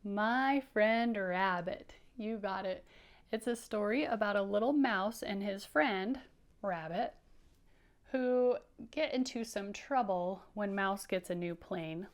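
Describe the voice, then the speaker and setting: Woman teacher reading a picture book to kids, slow and encouraging. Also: medium pitch. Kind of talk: children's read-aloud lesson.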